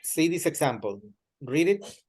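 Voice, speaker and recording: A man teaches English over a video call, speaking slowly and patiently. His voice sits a little high, and he often stops to feed his student the right word. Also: sing-song, a little mellow, breathy edge. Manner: slow, patient, corrects and prompts the student word by word. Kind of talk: online English lesson.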